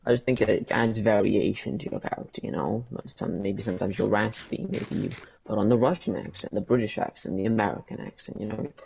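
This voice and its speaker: A man's voice: fairly low pitch, fairly quick, creaky, few pauses, darkish tone, a little hiss or hum, rough recording. A man who streams roleplay games, chatting casually and teasing his friends in a rambling way. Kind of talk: casual chat.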